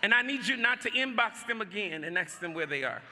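A male pastor preaching a sermon, urging the congregation to respond out loud and shouting his exhortations. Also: high voice, expressive, a little fast, in a large hall. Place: church sanctuary.

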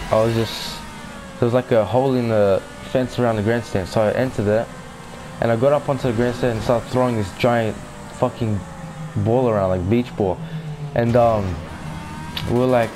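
A man's voice: mid-range voice, background noise. A young man telling a rambling, casual storytime for his gaming channel, full of fillers and swearing.

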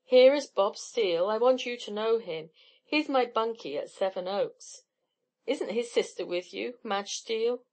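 A woman's voice: a little high, a little slow, darkish tone. A woman voicing a blunt, loyal teenage boy who speaks firmly. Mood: eager. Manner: forthright, firm.

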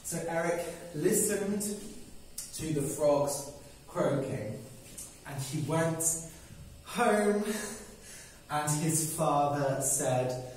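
Slow-talking man teaching with a story. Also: a little high, animated, darkish tone, far from the mic, a little hiss or hum. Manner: explains words simply, checks with frequent "okay?". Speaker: English teacher. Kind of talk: slow story-telling lesson for learners. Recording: very echoey room, voice away from the mic.

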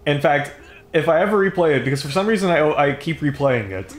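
A man's voice: a little high, expressive, fairly quick. Giggly man gaming in a roomy space. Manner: giggly, rambling, playful voices for quoted characters. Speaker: podcast co-host playing the game. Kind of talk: casual gaming chat.

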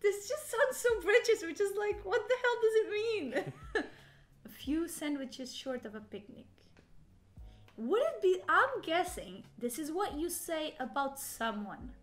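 A woman's voice: very high voice, very animated, a little slow. A young woman, chatting playfully as co-host and guessing aloud. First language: Portuguese. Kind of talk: casual chat. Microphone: handheld recorder.

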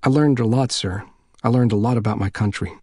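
A man's voice: mid-range voice, a little fast, darkish tone, slightly rough, no echo, clean studio sound, lightly acted. A man doing a bashful, polite teenage boy. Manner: polite, short replies.

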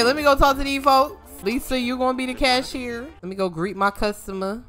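A woman giving casual let's-play commentary, animated and joking, swearing freely and scolding the characters on screen. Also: high voice, fairly quick, faint music behind. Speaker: gaming streamer.

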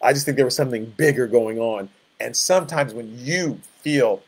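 A man's voice: medium pitch, moderate pace, few pauses, breathy edge. A man in his sixties, a pastor leading an informal Bible study, talking in a conversational, reflective way with rambling asides. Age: 60s.

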